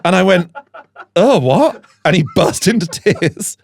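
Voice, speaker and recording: A man's voice: sits high, moderate pace, gravelly. A man co-hosting a podcast in casual comedic chat. He tells stories with lots of laughter and acts out the voices of the people in them. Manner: laughs often, animated storyteller. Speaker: podcast co-host.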